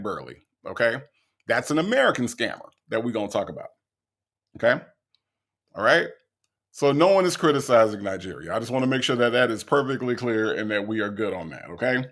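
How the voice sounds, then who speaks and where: A man talks through a commentary segment in an emphatic, insistent way, ending his points with "okay?" and "all right?". His voice sits at a middling pitch for a man. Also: vocal fry, a bit bright. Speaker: commentary host. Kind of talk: reaction commentary.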